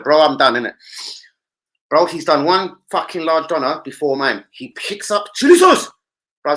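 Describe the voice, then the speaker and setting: A young man, hosting a football live stream and chatting with his viewers in an animated, slangy and sweary way. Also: mid-range voice, poor audio. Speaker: football livestream host. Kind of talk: casual live-stream chat.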